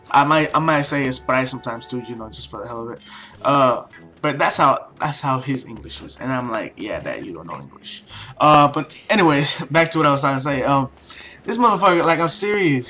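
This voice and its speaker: A man's voice: fairly high pitch, sharp tone. A young man of Mexican heritage telling a rambling, profane story, with many restarts and fillers. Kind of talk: casual rant-style story.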